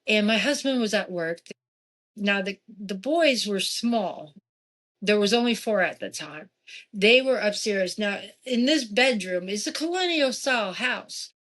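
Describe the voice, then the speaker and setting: A woman speaking at a mid-range pitch tells a personal story as a podcast guest. Her delivery is loose and conversational, with asides and restarts. She acts out quoted dialogue with real animation. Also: expressive, measured pace, a bit bright.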